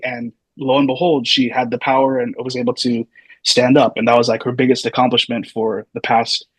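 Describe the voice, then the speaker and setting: A man's voice: medium pitch, fairly even intonation, a little fast, a bit bright, slightly rough, no room sound, poor audio. A man in his thirties, a physical therapy student and podcast guest, telling stories in a loose, meandering, casual way. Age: 30s. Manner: loose, meandering, full of hedging asides. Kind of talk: casual storytelling.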